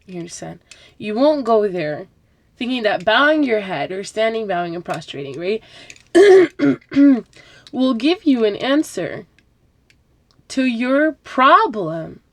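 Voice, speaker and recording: Woman doing a chatty religious talk, bit high voiced, lots of asides and questions to viewers. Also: sing-song, slow pace, dry recording. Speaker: host of an Islamic talk broadcast. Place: home, packing up with rustling noise.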